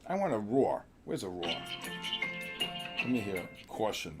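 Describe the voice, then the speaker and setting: A man hosting a live trading stream, talking excitedly about the markets and bantering in exasperation with his crew. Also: on the low side, a little slow, loud music behind the voice. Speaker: trading show host.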